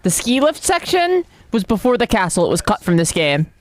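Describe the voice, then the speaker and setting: A woman's voice: mid-range voice, very animated, moderate pace. Chatty joking woman streamer. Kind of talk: casual game stream chat.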